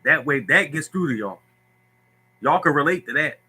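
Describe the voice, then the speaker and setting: A man's voice: on the high side, animated, moderate pace, bright, forceful tone, husky, rough recording. A man hosting a lottery tips livestream who speaks bluntly and preachily, repeating himself as he answers viewers.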